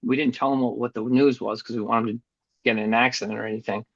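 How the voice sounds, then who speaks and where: A man's voice: medium pitch, fairly even intonation, quick pace, vocal fry, no room sound, highs cut off. A middle-aged man telling a hard personal story as a guest, earnest and blunt, with some casual swearing. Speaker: podcast guest.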